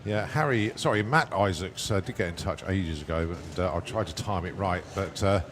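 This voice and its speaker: A man's voice: deep voice, normal speed, noisy background. A man commentating live at a drag race with dry, joking remarks. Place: commentary tower at a racetrack.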